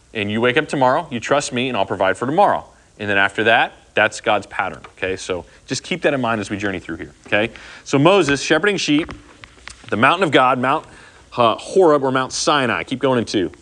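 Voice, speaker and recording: A Bible teacher with a medium-pitched, somewhat bright voice leads informal Bible study, teaching scripture to a small group in an easy, conversational manner. He repeatedly checks in with "okay?" and acts out the lines he quotes.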